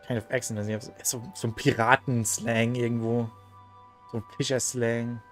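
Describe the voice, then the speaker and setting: A man streaming a video game, talking casually in quick, muttered asides. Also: mid-range voice, little pitch movement, faint music behind. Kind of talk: casual commentary while gaming.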